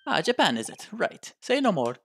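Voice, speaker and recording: A man's voice: high-pitched, huge pitch swings, moderate pace, full character voice. A man voicing a boastful, wealthy Irish defendant with a clumsy put-on Irish accent. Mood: jovial. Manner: jovial, blustering, loud.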